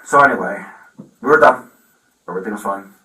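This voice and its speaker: A middle-aged father telling the police a long, halting account with many restarts, recorded on a body camera. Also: fairly low pitch, pushed and bright. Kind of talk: recounting events in a conversation. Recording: roomy, from far off the mic.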